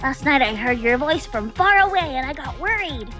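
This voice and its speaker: A woman's voice: sits high, expressive, normal speed, sharp tone, faint music behind. A woman voicing a clingy, upbeat young man who whines as he calls for his master, in a visual novel reading. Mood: eager. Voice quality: whiny.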